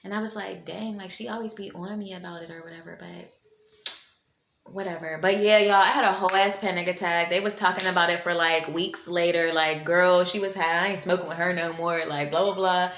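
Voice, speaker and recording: A woman's voice: on the low side, a little fast. Slangy woman telling a story, echoey room. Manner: animated, slangy, acts out quoted voices. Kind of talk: casual storytelling to camera. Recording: echoey room with faint noise.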